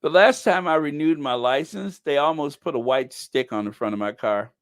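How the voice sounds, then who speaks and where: A man's voice: on the high side, moderate pace, clean tone. A middle-aged man hosting a casual live chat, reading viewer comments and joking at his own expense with mock-indignant outbursts. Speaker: channel host.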